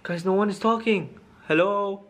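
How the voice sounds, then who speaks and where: High-voiced man talking to his viewers. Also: moderate pace, noisy background. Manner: addressing viewers as guys, nervous and spooked. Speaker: video creator filming a skit. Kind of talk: scripted horror skit, talking to camera.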